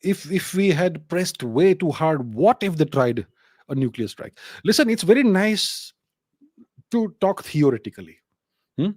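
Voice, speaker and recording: A man's voice: on the high side, lively intonation, a little slow, a little mellow, no room sound, clean studio sound. A man with an Indian English accent, hosting a solo commentary show and answering viewer questions, emphatic and full of rhetorical questions.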